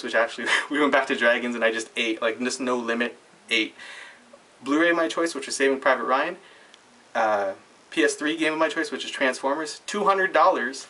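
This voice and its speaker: Excitable young man telling a story. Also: mid-range voice, recorded from a distance, poor audio. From Canada. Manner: excitable, laughs often, acts out friends' lines. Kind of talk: casual storytelling to camera.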